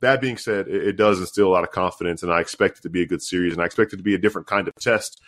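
A man's voice: low voice, very fast, fairly bright tone, no room sound, studio quality. A man co-hosting a sports podcast, chatting casually with lots of fillers and restarts. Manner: rambling, many fillers and restarts.

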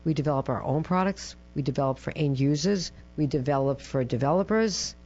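A woman's voice: low-pitched, fairly quick. Woman telling stories, lo-fi hum. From Massachusetts. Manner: lively storyteller, acts out quotes, ends phrases with "right?". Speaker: guest. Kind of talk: interview storytelling. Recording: dull lo-fi with mains hum.

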